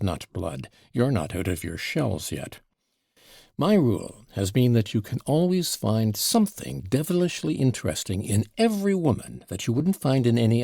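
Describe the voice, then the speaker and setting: A man's voice: fairly low pitch, vocal fry, mellow, slightly rough, no echo, studio quality, exaggerated voice. A man reading the part of a drunken, quarrelsome old father who rambles, wheedles and taunts, in an audiobook.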